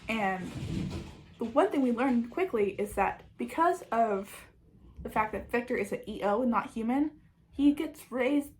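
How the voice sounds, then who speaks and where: A woman chatting casually as a book reviewer, summarising a plot with frequent "like" and quick restarts. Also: mid-range voice, low-quality recording.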